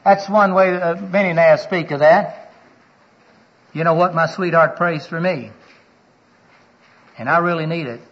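An older man preaching a sermon, telling personal stories and acting out the dialogue in them, earnestly, often dropping to a hushed voice for the personal moments. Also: a little high, unhurried, long pauses. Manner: storytelling, acts out quoted dialogue with his voice. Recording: dull lo-fi recording.

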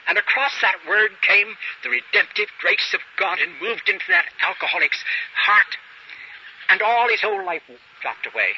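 A man's voice: high-pitched, huge pitch swings, moderate pace, vocal fry, pushed and bright. A man preaching a sermon, telling a story and acting out the characters' dialogue, on a dull lo-fi recording with faint hiss.

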